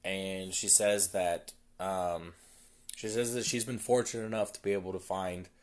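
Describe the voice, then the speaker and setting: A man hosting a podcast, casually retelling a film's plot in a loose, rambling way full of fillers. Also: low voice. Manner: rambling, filler-heavy storytelling. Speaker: podcast host. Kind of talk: casual movie recap.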